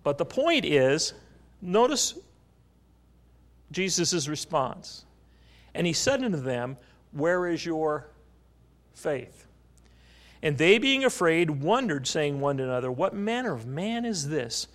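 A man's voice: a little high, sing-song, takes it slowly, pauses often, a bit bright. A man preaching a sermon, telling a story and asking the congregation questions. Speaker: pastor.

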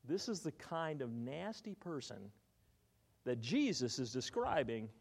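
This time the preacher is a man with a gravelly, medium-pitched voice and a slightly slow pace. As a pastor, he brings his sermon to life with stories and questions aimed at the congregation.

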